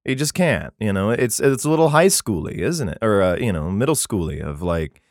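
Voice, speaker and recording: A man's voice: fairly low pitch, big pitch swings, brisk, no room sound, studio quality. A man reading scripture aloud and mocking it between passages, profane and sarcastic, often chuckling. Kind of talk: irreverent commentary on a scripture reading.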